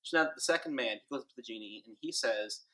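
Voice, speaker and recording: A man tells a joke to the camera in a lively storytelling way. His voice is bright and crisp. He sits at a middle pitch. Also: quick pace, low-quality recording.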